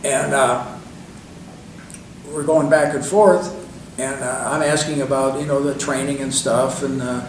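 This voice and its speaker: Unhurried and steady, an older male interview guest with a medium-pitched voice pauses often while spinning long, rambling anecdotes. He talks loosely, with many fillers and restarts, and the audio has an echoey room, distant mic, and faint hiss.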